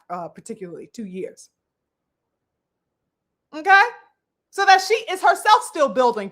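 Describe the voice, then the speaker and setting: A woman's voice: sits high, bright, forceful tone. A woman hosting a boxing commentary vlog, ranting in a preachy, mocking way, full of blunt, profane rhetorical questions and calls to her brothers and sisters. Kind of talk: opinionated commentary rant.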